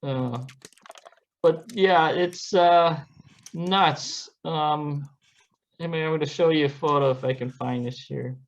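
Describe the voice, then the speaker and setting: A man who is a guest on a panel chat, telling relaxed stories in an easygoing way. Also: a little high, takes it slowly, lo-fi sound. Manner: easygoing storyteller.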